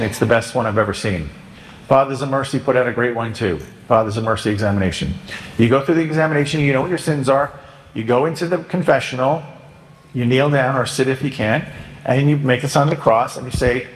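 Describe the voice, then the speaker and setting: A man, a Catholic priest, giving a humorous homily in a joking, animated way, now and then acting out penitents' voices. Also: medium pitch. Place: church. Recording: echoey church hall.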